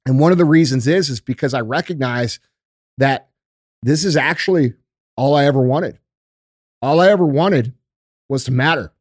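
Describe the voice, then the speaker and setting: A man's voice: mid-range voice, moderate pace, long pauses, darkish tone, dry recording, clean studio sound. A young man hosting a show, giving a heartfelt, emotional monologue to his viewers with earnest passion and some swearing. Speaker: show host.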